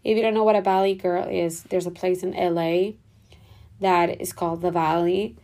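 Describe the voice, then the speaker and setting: Young woman podcast host, low gravelly voice, flat delivery, loose and rambling. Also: moderate pace. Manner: rambling, heavy use of "like" and "whatever". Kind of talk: casual reflective monologue.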